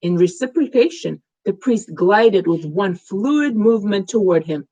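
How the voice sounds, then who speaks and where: A woman author reading her own fantasy tale aloud in a slow, measured way. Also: mid-range voice, expressive, mellow, poor audio. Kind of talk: storybook narration.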